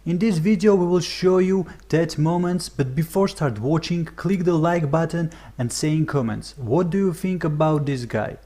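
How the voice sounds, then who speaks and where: Guy narrating a clip video, kinda mellow, slightly broken english. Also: on the high side, normal speed, few pauses. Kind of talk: scripted narration.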